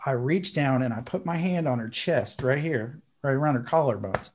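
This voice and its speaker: A man co-hosting a podcast, telling a story in casual chat and acting out the quotes with sudden high bursts. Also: moderate pace, a little hiss or hum. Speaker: podcast co-host.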